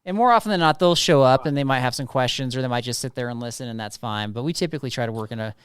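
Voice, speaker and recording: A man's voice: medium pitch, very fast, clean tone, no echo. A man hosting a podcast, asking questions in an upbeat, teasing, casual way. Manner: upbeat and teasing, laughs easily. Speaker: podcast host. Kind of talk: casual interview chat.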